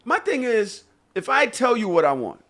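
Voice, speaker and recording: Animated, exasperated man on a podcast. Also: high voice, moderate pace. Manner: animated, exasperated, swears and rants. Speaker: podcast co-host. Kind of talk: casual chat.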